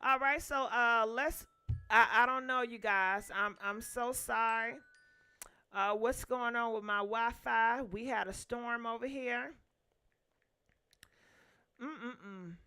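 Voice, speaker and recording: A woman hosting a gossip channel, chatting casually with sassy, teasing asides and loud outbursts. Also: on the high side, slow pace, pauses often, smooth.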